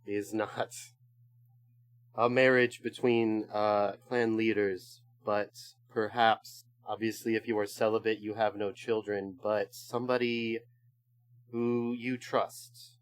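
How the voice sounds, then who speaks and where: Low-voiced, halting male player. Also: little pitch movement. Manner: halting, diplomatic. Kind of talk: in-character play.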